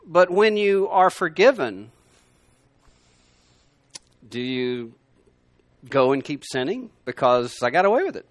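A man teaching a Bible lesson to a room of listeners, conversational and emphatic, swinging between loud and quiet. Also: on the high side, very animated, takes it slowly, long pauses, no room sound. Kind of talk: sermon. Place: room with a gathered class.

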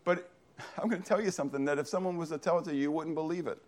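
A man's voice: fairly high pitch, very fast, pitched above the performer's own voice, close to an everyday voice. A man preaching, voicing God as a casual, colloquial figure who reassures a prophet. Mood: reassuring. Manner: breezy and colloquial. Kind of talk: sermon retelling.

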